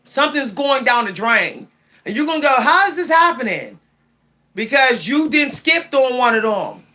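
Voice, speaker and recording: A woman's voice: high voice, lively intonation, moderate pace, sharp tone. A woman giving spiritual advice on her livestream, preachy and emphatic, often repeating key phrases. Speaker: spiritual streamer.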